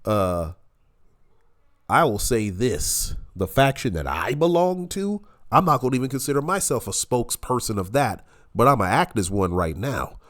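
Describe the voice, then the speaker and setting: A man's voice: mid-range voice, animated, moderate pace, a bit bright. A man giving heated, profane reaction commentary, his voice nasal and congested from illness. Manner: profane, combative ranting.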